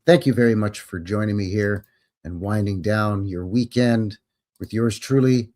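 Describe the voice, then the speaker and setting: A man's voice: on the low side, a little slow, a little mellow. A man hosting a live show, chatting casually and greeting viewers by name. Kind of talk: casual livestream chat.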